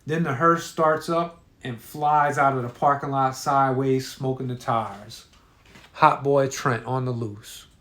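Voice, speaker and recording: A man's voice: medium pitch, fairly even intonation, a little slow, fairly bright tone, roomy sound. A man telling a crude story in a profane, offhand way.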